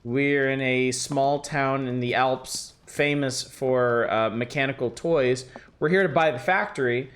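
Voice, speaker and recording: A man streams a game live, tossing out wry jokes and talking straight to his chat. His voice sits at an ordinary mid pitch with relaxed, conversational pacing. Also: a little slow. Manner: joking, chatty, addresses chat. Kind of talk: casual game commentary.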